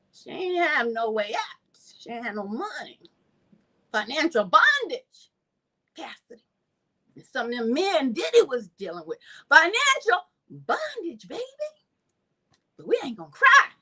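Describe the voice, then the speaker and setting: A woman's voice: a little high, moderate pace. A woman, hosting her channel in casual, chatty commentary and addressing her viewers directly. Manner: lively, chatty, addresses viewers as y'all, laughs. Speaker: channel host.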